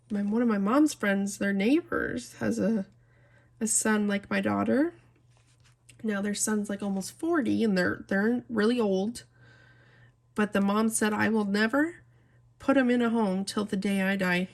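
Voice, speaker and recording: A woman's voice: mid-range voice, steady tone, a little slow, gravelly. A young adult woman talking casually and from the heart to her viewers while she colors, rambling from one story to the next. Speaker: coloring channel host.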